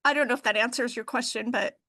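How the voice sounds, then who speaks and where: A middle-aged woman, a funeral director, talking heartfelt about her work and faith with many pauses and fillers. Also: fairly high pitch, steady tone, bright, forceful tone, no room sound. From Idaho. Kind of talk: emotional interview talk.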